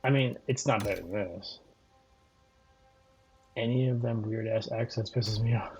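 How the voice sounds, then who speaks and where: A Florida-based gaming streamer chats casually with viewers while playing, his medium-pitched voice expressive, creaky, and a little mellow at normal speed. He rambles and swears, full of fillers and restarts, answering chat messages over slight background noise.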